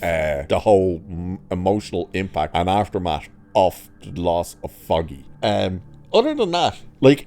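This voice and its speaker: Deep-voiced man giving a chatty TV review. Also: darkish tone. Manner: chatty, exasperated, with frequent filler words. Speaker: TV review host. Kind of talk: casual review monologue.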